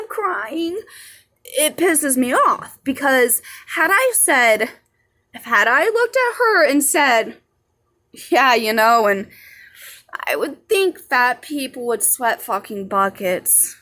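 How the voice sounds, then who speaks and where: A woman's voice: fairly high pitch, fairly bright tone. A young woman telling a rambling story in a casual vlog, swearing freely and chatty. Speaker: vlogger.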